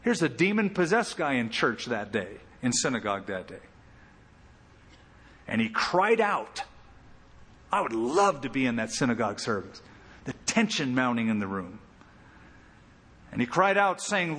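A man preaching an expository sermon as pastor, animated, with big swings in pitch and loudness. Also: moderate pace, pauses often, husky, big-room sound.

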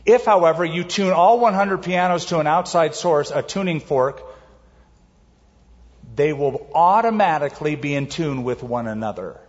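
A man preaching a sermon as pastor, emphatic, varying his pace and slowing words down for stress. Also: fairly high pitch, expressive, big-room sound, dull audio.

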